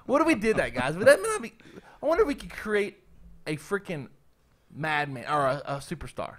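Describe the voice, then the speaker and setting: Excitable high-voiced man pitching schemes. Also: a little fast. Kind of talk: casual group chat.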